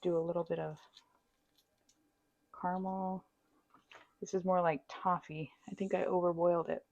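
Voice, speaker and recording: A woman's voice: fairly low pitch, flat delivery, moderate pace, darkish tone, no room sound, lo-fi sound. A woman baking at home who chats while she decorates a cake. She pokes fun at herself and laughs often. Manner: chatty, self-deprecating, laughs often. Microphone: wireless microphone.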